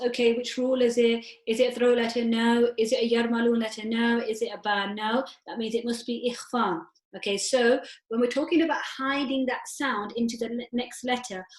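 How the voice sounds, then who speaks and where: A woman teacher with a slightly high voice walks her students through each rule step by step, posing questions and answering them herself. Her patient lesson rings out in an echoey room. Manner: patient, step-by-step explaining with self-posed questions. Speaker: Quran recitation teacher. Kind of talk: tajweed lesson.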